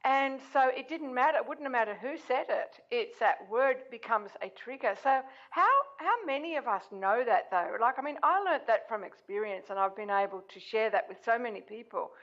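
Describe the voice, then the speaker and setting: A woman's voice: on the high side, lively intonation, moderate pace, few pauses, a bit bright, highs cut off. A woman on a studio panel telling a personal story, acting out what people said. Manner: storytelling, acts out quotes. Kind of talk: casual panel discussion.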